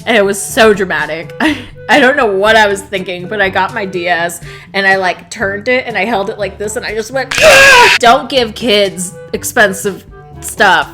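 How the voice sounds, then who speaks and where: A young woman's bright, sharp voice carries a casual storytime vlog. She talks in an animated way, swears freely and laughs often, with faint music underneath. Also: mid-range voice, normal speed. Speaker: vlogger.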